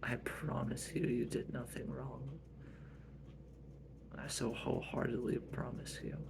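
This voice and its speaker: Brief: a devoted, soothing mom, read by a man, unhurried delivery. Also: mid-range voice, fairly even intonation, gravelly, noisy background. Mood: tender. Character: gentle, devoted mother with supernatural powers.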